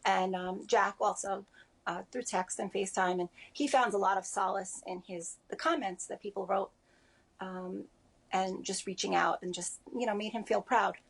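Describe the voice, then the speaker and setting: A grieving woman in her forties giving a remote interview over a video call, speaking softly and haltingly with many pauses. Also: medium pitch, steady tone, husky. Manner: halting, soft-spoken, many pauses and fillers. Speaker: interview guest.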